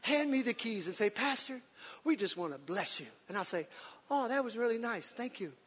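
Animated high-voiced preaching man. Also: moderate pace, husky, in a large hall. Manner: animated, preacherly, acts out quotes with shouts and laughs. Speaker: pastor. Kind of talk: sermon.

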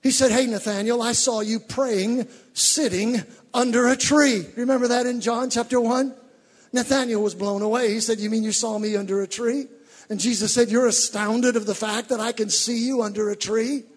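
A male preacher giving a fervent sermon, rising from teaching to shouted exhortations. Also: very high-pitched, fairly even intonation, moderate pace, breathy edge, long reverb tail.

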